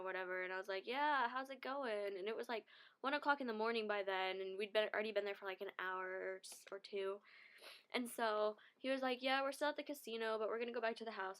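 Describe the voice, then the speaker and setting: A young woman tells a story in a loose, chatty vlog manner. Her voice sits a little high, and she giggles often and fills her talk with "like.". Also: a bit bright. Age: young adult.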